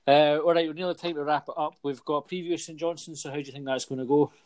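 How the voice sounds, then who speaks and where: A man's voice: a little high, steady tone, rapid-fire. A young Scottish man hosting a casual football podcast, jokey and chatty, leading the segments. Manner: jokey, chatty, laughs often. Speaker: podcast host.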